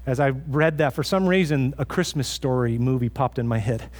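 A man's voice: medium pitch, moderate pace, darkish tone. A man preaching a sermon as pastor in a church, earnest and conversational, often restarting his phrases.

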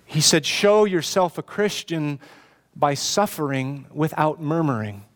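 A man's voice: fairly high pitch, measured pace, in a large hall. A man preaching a sermon as pastor, earnest and pleading, often asking rhetorical questions.

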